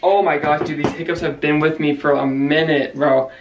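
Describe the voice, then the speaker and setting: A man's voice: fairly high pitch, steady tone, moderate pace, lo-fi sound, background noise. A young man, co-host of a couple's vlog, chatting casually while he has the hiccups and keeps saying "wait" in a flustered way.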